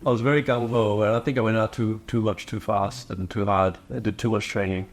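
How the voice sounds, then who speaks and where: A man's voice: fairly low pitch, steady tone, a little fast. A man hosting a podcast interview, chatty and sharing his own experiences. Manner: chatty, shares own stories. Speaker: podcast host. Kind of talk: casual interview chat.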